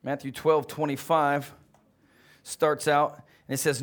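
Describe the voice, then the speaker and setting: Male preacher, lively storyteller, voice a bit on the high side. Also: measured pace. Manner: animated storytelling, swings from quiet to loud. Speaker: pastor. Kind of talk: sermon.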